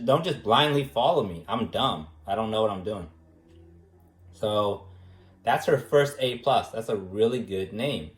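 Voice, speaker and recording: Man, art teacher, slow deadpan teasing, echoey room sound. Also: fairly low pitch. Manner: teasing, deadpan, many fillers and tag questions. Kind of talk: rambling, joking recommendation speech.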